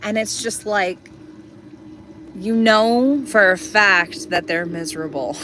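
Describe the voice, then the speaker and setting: A woman's voice: mid-range voice, slow, noisy background. A young woman rambling through a casual story from inside her van, full of fillers, restarts and little laughs. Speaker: vlogger.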